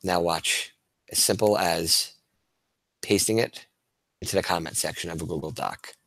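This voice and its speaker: A man's voice: sits low, normal speed, vocal fry, fairly bright tone, no room sound. A male teacher presenting a webinar to other educators, talking casually and enthusiastically while he demonstrates tools on screen. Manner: casual and enthusiastic, with frequent restarts and fillers.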